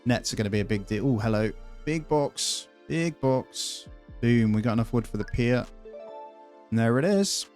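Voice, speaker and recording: A man's voice: fairly low pitch, fairly even intonation, brisk, a little mellow, soft background music. A man giving casual, chatty commentary as he plays a video game, thinking aloud and easily delighted. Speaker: gaming video host.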